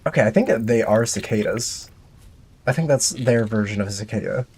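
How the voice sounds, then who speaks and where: A man's voice: fairly low pitch, a little fast, a little mellow, slightly rough. Man musing aloud while playing. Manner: rambling, talks to himself and chat. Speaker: streamer. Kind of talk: casual gameplay commentary.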